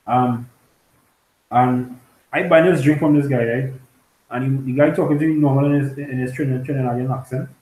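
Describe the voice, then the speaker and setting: A man in a casual religious group discussion, telling a story haltingly with many fillers and frequent check-ins with his listeners. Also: mid-range voice, fairly even intonation, darkish tone, echoey room, slight background noise, rough recording. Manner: halting storytelling, many fillers, keeps asking "you understand?". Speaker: discussion participant.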